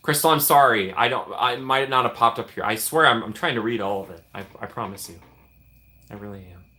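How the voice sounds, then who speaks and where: A streamer host with a mid-range, sharp-toned voice speaks briskly on a casual live stream. He keeps the chat upbeat, reading comments and answering viewers by name.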